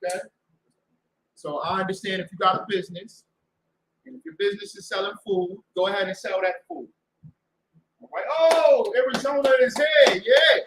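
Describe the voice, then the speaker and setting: A man preaching as a show's host, loud and mocking, repeating himself and breaking into shouts. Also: high voice, sing-song, normal speed, pauses often, roomy sound, noisy background. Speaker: street preacher and show host. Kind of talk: fiery preaching talk. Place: indoor room with a door to the street.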